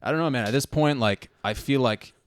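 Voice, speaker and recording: A man's voice: medium pitch, a little fast, clean tone. A man hosting a podcast in casual chat, laid-back and swearing freely, often calling his guest "dude". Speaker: podcast host.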